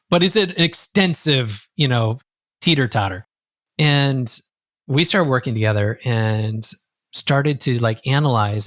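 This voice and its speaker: A man who works as a coach, telling a client's story as a podcast guest and acting out the dialogue with a lively voice. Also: medium pitch, no room sound, clean studio sound. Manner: lively, acts out quoted dialogue. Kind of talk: conversational storytelling.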